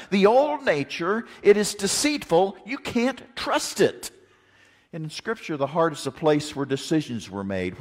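Folksy pastor guy preaching, voice jumps all over, long echo like a big church hall. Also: fairly high pitch. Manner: folksy, joking, animated preaching. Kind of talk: sermon.

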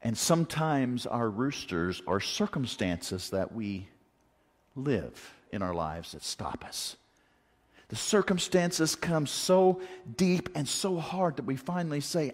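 Lively male preacher in a reverberant hall. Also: medium pitch, unhurried. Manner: animated, acts out quotes, rhetorical questions. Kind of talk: sermon. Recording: long reverb of a large hall.

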